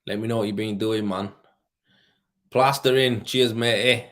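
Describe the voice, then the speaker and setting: A tired man with a fairly low voice hosts a casual live stream and reads viewer questions aloud. He answers in easygoing, slang-filled chat and keeps calling people mate. He is in his thirties and talks like a worn-out working tradesman. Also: fairly even intonation, measured pace, a bit bright. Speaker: plasterer livestream host.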